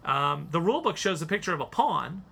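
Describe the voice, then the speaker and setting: A man's voice: fairly high pitch, sing-song, brisk, creaky, pushed and bright, slightly rough. A man hosting a podcast, giving a casual, rambling spoken review with plenty of fillers. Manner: chatty, rambling, many fillers. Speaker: podcast host.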